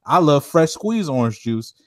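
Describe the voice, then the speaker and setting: A man's voice: on the high side, very animated, moderate pace, no echo, studio quality. A young man in casual chat, ranting and telling stories with lots of slang and swearing.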